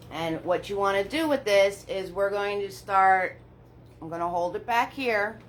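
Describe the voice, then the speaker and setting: A woman with a lowish voice leads a live paint-along class, chatty and encouraging as she talks herself through each brush step. She speaks slowly and unhurriedly, dropping in little laughs. The audio is poor, with slight background noise.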